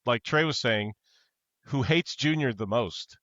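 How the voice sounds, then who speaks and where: A man's voice: mid-range voice, animated, a little slow, fairly bright tone, no echo. A man co-hosting a podcast, chatting casually and retelling movie scenes at length. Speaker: podcast co-host. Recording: dull lo-fi dry sound.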